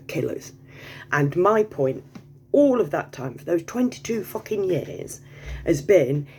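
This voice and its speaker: A woman's voice: deep voice, dark tone, a little hiss or hum. A woman vlogging in a casual, rambling monologue, swearing freely, digressing, and laughing often.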